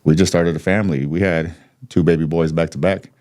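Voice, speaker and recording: A U.S. man in his thirties talks briskly in a low-pitched, steady, slightly mellow voice. As a podcast guest he tells his story candidly and bluntly, swearing freely, with laughs between points.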